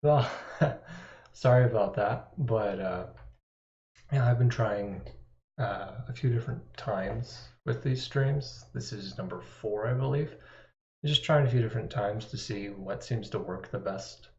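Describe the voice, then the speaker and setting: A man with a lowish voice chats casually on a live stream, drifting between topics with wry, self-deprecating asides. His desktop mic sounds dull and lo-fi, and the room adds a clear echo. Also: unhurried, a little mellow. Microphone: desktop microphone.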